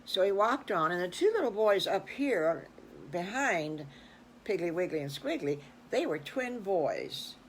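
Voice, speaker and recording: Older woman, storyteller, folksy and rambling, very lively pitch, faint noise. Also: measured pace, low-quality recording. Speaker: storyteller grandmother. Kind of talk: improvised children's storytelling.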